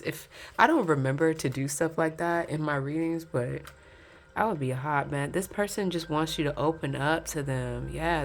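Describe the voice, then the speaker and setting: Low gravelly-voiced woman reading tarot. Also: a little hiss or hum. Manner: chatty and candid, often says "y'all", laughs between points. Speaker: tarot card reader. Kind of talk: casual pick-a-card tarot reading.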